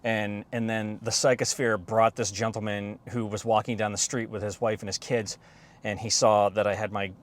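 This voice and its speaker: A man with a lowish voice talks into a camera propped on his car's dashboard. He rambles in an easygoing, chatty way and drops casual swear words as he goes. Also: little pitch movement, normal speed. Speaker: photography vlogger. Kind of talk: casual rambling vlog talk. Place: inside his parked car. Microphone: camera mounted on the dashboard.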